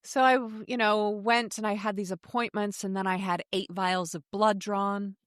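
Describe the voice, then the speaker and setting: A woman's voice: mid-range voice, level tone, moderate pace, clean tone, dry recording, studio quality. A woman guest on a podcast, talking in a casual interview and laying out facts step by step.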